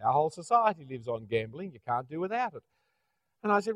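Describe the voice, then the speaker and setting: A man's voice: fairly high pitch, very animated, fast talker, no echo. A middle-aged Australian man preaching a sermon in a conversational way, often ending points with rhetorical tag questions. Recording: dull, dry, lo-fi.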